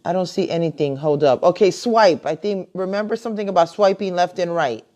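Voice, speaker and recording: A middle-aged woman and grandmother hosting a casual live video chat from her computer, talking in a chatty, warm-hearted way with many fillers and restarts. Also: fairly low pitch, a little fast. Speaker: host. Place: home, at a computer. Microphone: computer mic on a live video call.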